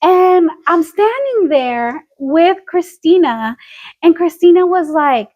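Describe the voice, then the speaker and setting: A woman's voice: sits high, normal speed, muffled recording. A woman co-hosting a casual gossip podcast, telling stories and acting out what people said. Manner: animated storytelling, acting out quotes. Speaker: podcast co-host.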